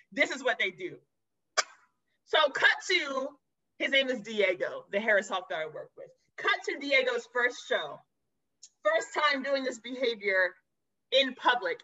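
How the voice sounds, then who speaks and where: A woman zookeeper and educator, a podcast guest who tells lively, expressive stories and addresses listeners as y'all. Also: fairly high pitch, lo-fi sound. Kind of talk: animated storytelling.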